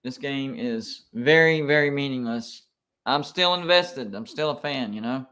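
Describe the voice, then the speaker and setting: A man streaming live reactions to college football games, excitable and quick to complain like an emotional fan. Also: mid-range voice.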